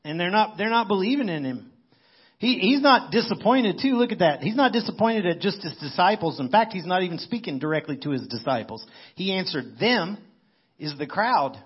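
A man's voice: high-pitched, animated, moderate pace, breathy edge, dull audio. A man preaching a sermon in a conversational way, as if thinking aloud. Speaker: pastor.

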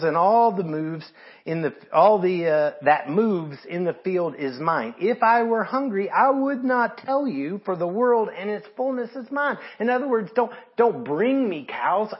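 A man preaching in a relaxed, conversational way that turns emphatic at key points. His voice sits a little high and has a husky edge, and the recording sounds dull and lo-fi. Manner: conversational preaching, swings from quiet to emphatic, acts out givers. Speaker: pastor. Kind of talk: sermon. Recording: dull lo-fi sermon audio.

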